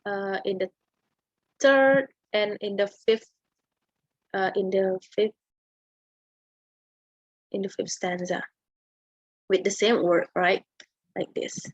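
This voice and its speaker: Speaking slowly with a steady tone and frequent pauses, a student presenter with an Indonesian accent talks about a poem for a class, using many fillers and tag questions. Her mid-range voice has no echo, captured in a dull lo-fi recording at home.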